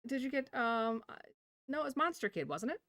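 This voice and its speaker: A woman's voice: high-pitched, very animated, fairly quick, fairly bright tone, no room sound, clean studio sound. A woman co-hosting a livestream, giving short casual replies with frequent laughs. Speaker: co-host.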